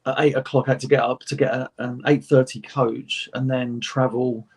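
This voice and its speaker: A young British man on a chat panel, telling lively anecdotes and acting out the people in them. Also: mid-range voice, moderate pace, slightly rough. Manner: animated anecdotes, acting out quotes, self-laughing. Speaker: panel co-host. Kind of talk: casual storytelling chat.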